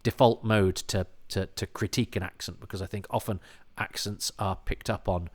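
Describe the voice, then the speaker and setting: British man, low voice, meandering podcast talk, lots of restarts, brief laughs. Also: steady tone, moderate pace. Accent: British English. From Britain. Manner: rambling, many false starts and repeats; chuckling asides. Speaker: podcast commentator. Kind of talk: casual chat.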